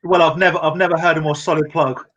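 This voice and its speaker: A man's voice: on the high side, steady tone, a bit bright, lo-fi sound. A man co-hosting a toy collectors' live show over a video call, teasing and joking in casual banter. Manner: quick, jokey, teasing.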